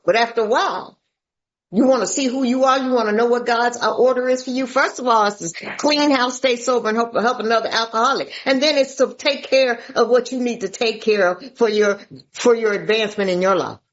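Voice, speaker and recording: A woman's voice: fairly high pitch, brisk. Folksy woman speaker on a dull call. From Atlanta, US. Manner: folksy, emphatic, calls listeners "baby". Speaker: recovery meeting speaker. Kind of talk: sharing a recovery story.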